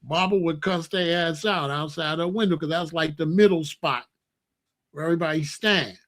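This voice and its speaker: A man's voice: a little high, normal speed, a bit bright. An older man, telling stories in a rambling, casual way and pointing out places around him outdoors. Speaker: vlogger. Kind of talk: casual storytelling.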